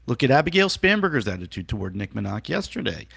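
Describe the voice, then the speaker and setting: Brief: male co-host on a political show, gravelly voice, lively pitch, easy conversational delivery. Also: fast, dry recording, studio quality. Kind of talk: political talk show chat.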